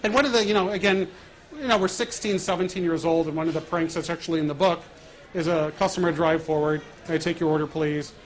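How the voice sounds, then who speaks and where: A middle-aged man telling stories to an audience in an animated way, laughing now and then as he talks while walking around with a wireless mic. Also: on the high side, quick pace. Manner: animated, laughing at his own prank stories. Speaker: author giving a talk. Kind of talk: storytelling talk to an audience.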